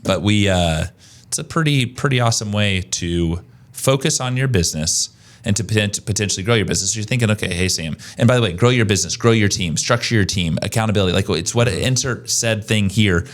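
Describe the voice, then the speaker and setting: A man hosting a casual podcast chat, energetic and conversational, often restarting his sentences. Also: lowish voice, fairly quick. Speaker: podcast host, agency owner.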